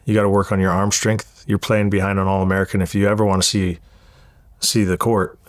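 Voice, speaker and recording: A man from Southern California recounts his past as an interview guest, cursing freely and stumbling over repeated words. His voice sits on the low side, heard close and dry with no room sound around it. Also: level tone, a little fast, no echo. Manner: candid, profane, repeats words as he goes. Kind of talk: storytelling interview.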